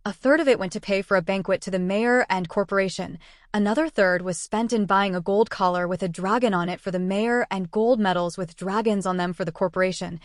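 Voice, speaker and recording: A woman narrating a storybook in an even, measured way. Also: mid-range voice, dry recording, studio quality.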